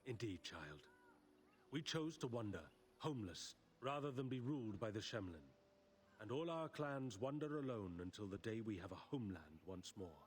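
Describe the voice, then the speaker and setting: A man's voice: on the low side, lively intonation, slight background noise, close to an everyday voice. A man playing a solemn old elf elder. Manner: grave, measured, formal. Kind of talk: video game voice acting.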